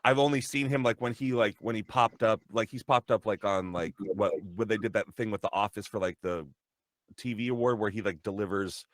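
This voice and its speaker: A man's voice: on the low side, fairly quick. A man who does voice acting, chatting casually in a rambling way, often restarting his sentences and laughing at himself. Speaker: voice actor. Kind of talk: casual chat.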